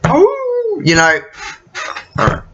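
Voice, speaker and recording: Slow, lively-voiced rambling man. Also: very high-pitched. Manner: rambling, loses his thread, swears casually. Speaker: vlogger. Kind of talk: rambling casual monologue. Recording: dull lo-fi recording.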